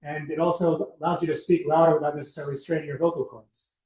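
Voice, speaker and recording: A man's voice: fairly high pitch, little pitch movement, fast talker, darkish tone. A young man giving a casual, chatty presentation to a student club, loose and full of fillers and asides. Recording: echoey room.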